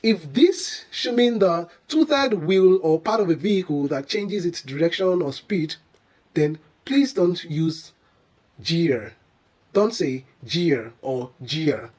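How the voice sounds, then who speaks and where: An unhurried, breathy voice narrating a scripted pronunciation lesson. It explains each word with care and repeats the correct form several times. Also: medium pitch, animated, a little mellow, poor audio. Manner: careful, deliberate explanations with repeated model words. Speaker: English pronunciation teacher.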